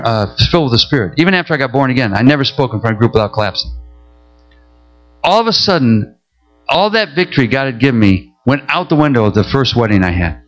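A middle-aged male pastor preaching a sermon, telling a story with animated, emotional pleading. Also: medium pitch, poor audio.

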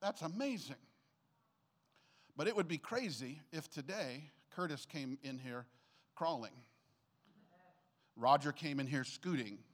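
An older male pastor preaches in a fairly high voice, animated and conversational. He keeps checking in with the room as he talks. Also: measured pace, pauses often. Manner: conversational and animated, often asks "okay?". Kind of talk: sermon. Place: church room with congregation.

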